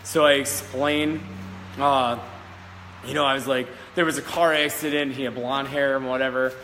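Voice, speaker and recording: A man who works as a psychic medium tells a story to camera, rambling, giggling and circling back with lots of ums. His voice is bright and forceful. It rings with a long reverb inside an old country schoolhouse, over faint background noise. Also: medium pitch, steady tone, normal speed. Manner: giggly, rambling, many fillers and restarts.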